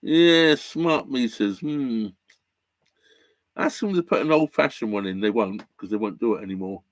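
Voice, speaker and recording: A man's voice: mid-range voice, moderate pace, no room sound. Chatty English man, dry close sound. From England. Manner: rambling, chatty, with restarts and animated outbursts. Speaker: narrowboat live-streamer. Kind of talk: casual live-stream chat. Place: inside a narrowboat cabin.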